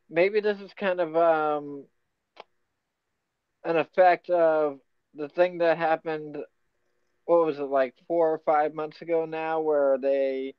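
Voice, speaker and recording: A man on a casual livestream panel who makes a point haltingly, with many fillers. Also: a little high, smooth, no echo, dull audio.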